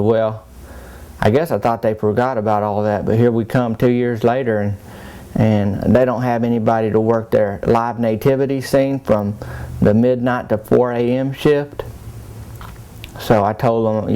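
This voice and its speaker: A man with a rather low voice and a drawl spins a rambling small-town yarn. His talk is folksy and plain, full of country turns of phrase. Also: dark tone. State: soaked and cold. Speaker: comedic character monologue.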